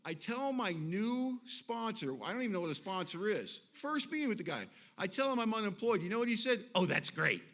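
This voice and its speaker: A middle-aged man with a fairly high voice speaks at a recovery meeting. He tells his story in an animated, conversational way and acts out what others said to him. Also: a little fast, few pauses. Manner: animated storytelling with acted quotes.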